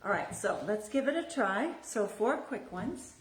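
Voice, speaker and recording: A woman's voice: mid-range voice, expressive, a little slow, a little hiss or hum. A woman teaching a belly dance class, counting beats in a sing-song rhythm and explaining moves in a chatty, encouraging way. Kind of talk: live online dance class instruction. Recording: very echoey room, voice far from the mic.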